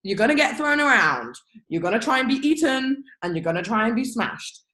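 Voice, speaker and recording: A young woman leading her team over a video call, giving an energetic, blunt motivational rant with swearing and laughter. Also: on the high side, brisk, poor audio. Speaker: team leader.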